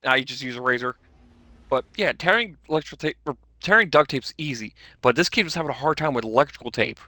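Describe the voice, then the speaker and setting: A man's voice: medium pitch, lively intonation, fast talker, bright, forceful tone, dry recording. A man chatting on a stream, teasing and joking. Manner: teasing, jokey. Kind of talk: casual chat.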